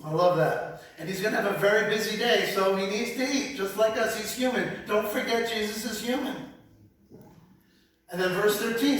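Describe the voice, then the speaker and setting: A man teaching from the Bible in a sermon, animated and conversational, often repeating words as he goes. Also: high voice, a little fast. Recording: very echoey hall, speaker far from mic.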